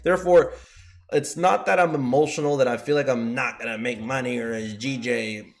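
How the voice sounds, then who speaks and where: A man's voice: mid-range voice, normal speed. A man hosting a live trading stream, chatting casually with his viewers, swearing often and repeating himself when he makes a point. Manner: profane, animated, repeats himself, talks to chat. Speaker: livestream trading host. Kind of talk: casual livestream chat.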